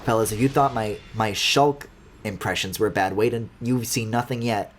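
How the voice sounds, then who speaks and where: A man's voice: lowish voice, normal speed, a little hiss or hum. A man streaming a video game, giving sarcastic, rambling commentary full of swearing. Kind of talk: casual let's-play commentary. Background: faint game music.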